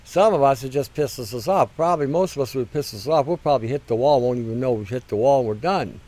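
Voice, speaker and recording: A man's voice: mid-range voice, fast, a little mellow. A man hosting his own online show, delivering a blunt, combative rant full of crude language and swearing. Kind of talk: blunt ranting monologue.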